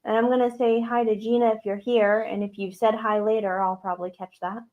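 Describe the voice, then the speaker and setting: A woman of middle pitch co-hosts a casual livestream from a home studio, reading out chat messages and saying hi to viewers. She is not wearing her microphone, so her voice comes through dull and a bit muffled. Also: flat delivery, fairly quick. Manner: reads out chat messages, greets viewers warmly.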